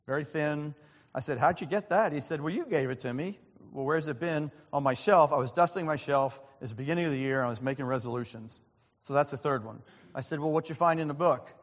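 A man's voice: a little high, brisk. A man preaching a sermon, telling a personal story in an earnest, conversational way. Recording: long reverb of a large hall.

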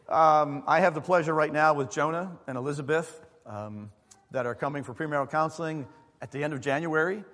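A man's voice: fairly high pitch, brisk, fairly bright tone. Man preaching in a reverberant hall. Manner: conversational preaching with fillers and asides to the congregation. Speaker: pastor. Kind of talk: sermon. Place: church sanctuary.

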